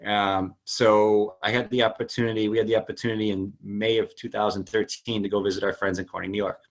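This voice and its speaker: A middle-aged man, a podcast guest telling a long personal story with animated quoted voices and frequent fillers. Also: on the low side, a little fast. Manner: many fillers and restarts. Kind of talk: casual storytelling.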